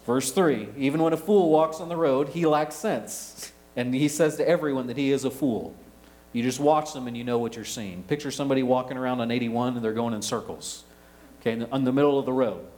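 A man, preaching a sermon, rising to loud emphasis and dropping to quiet asides. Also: medium pitch, brisk, poor audio. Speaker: pastor.

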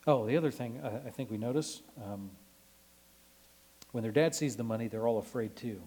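A man's voice: medium pitch, normal speed, warm tone, husky, low-quality recording. Casual preaching man, loose and chatty. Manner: conversational, with many fillers and restarts. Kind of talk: sermon on a Bible passage.

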